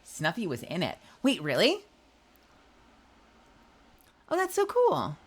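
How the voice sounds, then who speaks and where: A woman's voice: low-pitched, big pitch swings, a little fast, long pauses, fairly bright tone. Giggly woman streamer in her thirties. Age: 30s. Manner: giggly, playful, swearing freely. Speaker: livestreamer. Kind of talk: casual live-stream chat.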